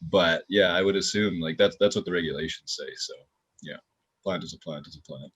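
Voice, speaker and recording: A man from Canada with a very deep, husky voice. He explains things in an easygoing way during casual panel chat. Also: a little fast, fairly bright tone. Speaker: podcast panelist.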